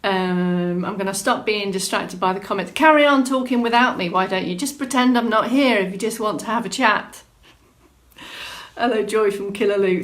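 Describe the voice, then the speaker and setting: Leading a movement class online, a woman responds to viewers' comments and encourages participants with clear cues. She speaks at a moderate pace in a mid-range, slightly bright voice.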